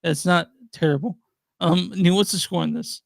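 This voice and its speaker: A man's voice: sits high, fairly even intonation, normal speed, vocal fry, noisy background. A man co-hosting a movie review podcast, talking in loose, rambling casual chat full of fillers. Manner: rambling, hesitant, many fillers and restarts.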